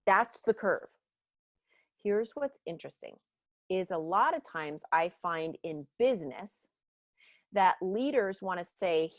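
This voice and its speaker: A middle-aged woman leading a leadership workshop over a video call, animated and often acting out the voices she quotes. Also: fairly low pitch, takes it slowly, no echo, studio quality.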